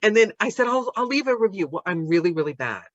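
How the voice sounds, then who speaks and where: An American woman, an audiobook narrator, chatting casually on a podcast in an animated, rambling, self-deprecating way. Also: medium pitch, fast, no room sound, muffled recording. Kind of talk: casual chat.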